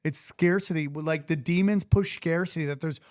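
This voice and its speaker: A man hosting a podcast in casual chat, joking and telling animated stories. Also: a little high, normal speed. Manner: animated, jokey storyteller who mimics others. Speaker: podcast host.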